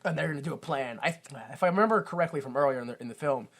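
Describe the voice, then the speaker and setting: A man hosting a podcast, chatting casually about a film, excitable, laughing often and swearing. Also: fairly high pitch, rapid-fire. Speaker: podcast host. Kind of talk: casual chat recapping a film.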